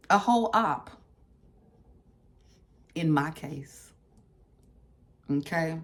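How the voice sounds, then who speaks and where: A woman's voice: sits low, animated, slow, long pauses. A woman leading a casual book club discussion, talking conversationally, repeating phrases for emphasis and asking her listeners directly. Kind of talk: casual book discussion with read-aloud passages.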